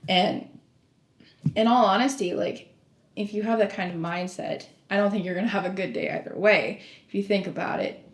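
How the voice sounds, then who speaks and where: In an echoey room with a little background noise, a former sheriff's deputy, now a young woman chatting casually on a podcast, spins lively stories. Her mid-range voice moves at a moderate pace as she performs the dialogue and laughs often.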